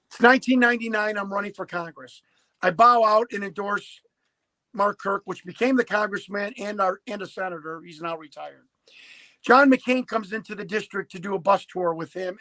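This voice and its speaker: A man's voice: high-pitched, pushed and bright, no echo, rough recording. A man in his fifties telling a story as a podcast guest, emphatic and prone to repeating and restarting words. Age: 50s. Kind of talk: animated storytelling.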